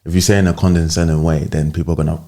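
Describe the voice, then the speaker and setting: A young man co-hosting a casual late-night podcast, laid-back and quick to laugh while pushing back. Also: rumbling low, flat delivery, warm tone. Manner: laid-back, laughs easily, plays devil's advocate. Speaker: podcast co-host.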